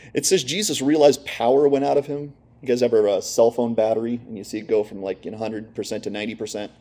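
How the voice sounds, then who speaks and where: A man's voice: medium pitch, fairly even intonation, fairly quick, dark tone. A man preaching a conversational sermon, storytelling with casual asides to his listeners. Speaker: preacher teaching a lesson.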